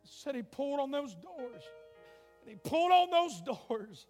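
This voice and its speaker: A male preacher telling a story in a revival sermon, dramatic, swinging from hushed tones to shouts. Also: very high voice, very animated, unhurried. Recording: long hall reverb, faint music.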